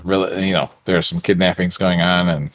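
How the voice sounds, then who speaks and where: A man's voice: low voice, fairly even intonation, fairly quick, no echo. A man playing a tabletop game, speaking casually and matter-of-factly. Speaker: player.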